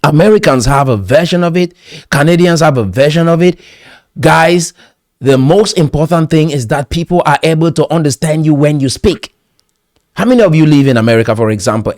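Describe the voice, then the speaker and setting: A man's voice: on the high side, no room sound, studio quality. A man with a Cameroonian English accent, delivering a motivational talk in an exhorting, preachy manner and repeating phrases for emphasis. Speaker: pastor and commentator.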